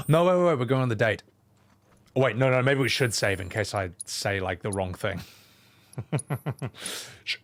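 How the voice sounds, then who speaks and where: A man's voice: medium pitch, moderate pace, pauses often. A man streaming a game, chatting casually, swearing, and acting out movie scenes in put-on voices. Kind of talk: casual livestream chat while gaming.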